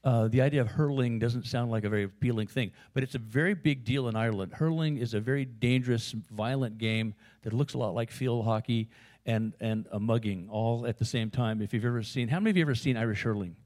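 A man's voice: mid-range voice, fast, darkish tone. A man with an American accent preaching a sermon in a conversational, storytelling way, with frequent fillers and asides. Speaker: pastor.

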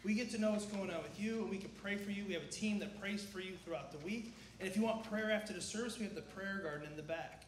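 Man, church announcements, high voice, energetic, echoey sanctuary. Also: quick pace, few pauses, a little hiss or hum. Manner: energetic, asks the crowd questions. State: getting over a cough. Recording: echoey sanctuary, faint ambience.

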